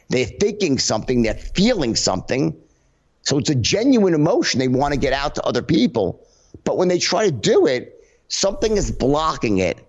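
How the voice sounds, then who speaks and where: Man, podcast guest, animated swooping delivery, acts out example tones, dull lo-fi audio. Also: mid-range voice. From United States. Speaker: podcast guest, sales trainer. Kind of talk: casual conversational interview.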